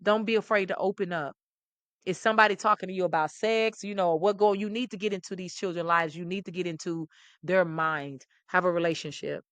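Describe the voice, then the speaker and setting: A middle-aged woman host, talking with animated, preachy emphasis and repeating phrases. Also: lowish voice, fairly quick, no echo. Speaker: talk show host. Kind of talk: impassioned commentary to camera.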